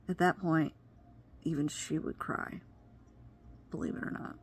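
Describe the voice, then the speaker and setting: A woman's voice: sits low, fairly even intonation, measured pace, pauses often, breathy edge. A woman vlogging in an earnest, reflective way, giving advice and sometimes losing her train of thought mid-sentence. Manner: wandering, loses train of thought. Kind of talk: personal vlog monologue.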